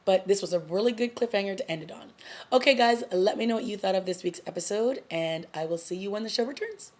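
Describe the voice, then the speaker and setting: A woman's voice: medium pitch, fast, darkish tone. A young adult woman casually recapping and reviewing a TV episode in a chatty way, full of fillers like "like" and "you know.". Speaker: TV review vlogger.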